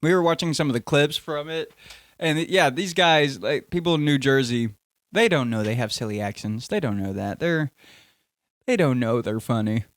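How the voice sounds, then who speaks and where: Young male podcast host, mid-pitched, dry close sound, jokey and rambling. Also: normal speed, no echo. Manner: rambling, jokey, self-interrupting. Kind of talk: casual podcast chat.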